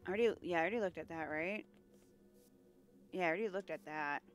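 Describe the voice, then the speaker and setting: A woman's voice: fairly low pitch, fast, faint music behind. A woman streamer giving playful, jokey let's-play commentary as she talks to herself. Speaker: game streamer.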